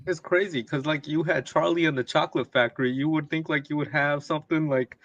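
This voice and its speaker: A man co-hosting a podcast, relaxed and easygoing, often chuckling. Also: fairly high pitch, brisk, no room sound. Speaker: podcast co-host. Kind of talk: casual chat. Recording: slightly dull, muffled audio.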